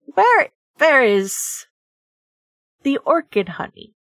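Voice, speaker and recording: A woman voicing a huge, menacing female beast who threatens slowly in a low voice. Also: sing-song, a bit bright, no room sound, clean studio sound, exaggerated voice.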